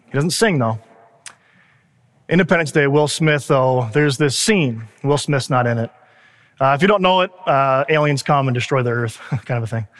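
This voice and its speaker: A pastor giving a sermon, telling a story in an animated way with asides and quick laughs. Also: male voice, mid-range voice, in a large hall.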